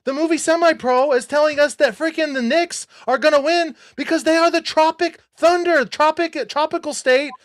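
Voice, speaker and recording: A man hosting a live talk show, excitedly breaking down theories, talking over himself and getting worked up to a yell. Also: very high-pitched. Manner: excitable, rapid, self-interrupting, gets worked up and yells. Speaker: show host. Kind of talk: excited conspiracy breakdown chat.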